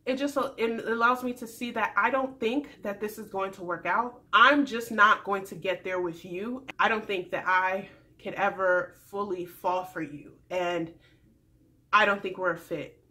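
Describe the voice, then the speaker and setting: A woman imitating a young woman who calmly and firmly turns a man down. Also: mid-range voice. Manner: calm, measured, firm. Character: calm firm young woman turning a man down.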